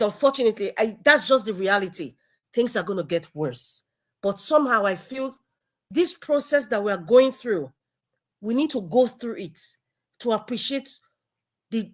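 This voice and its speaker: Earnest woman giving her view. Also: mid-range voice. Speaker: discussion panelist.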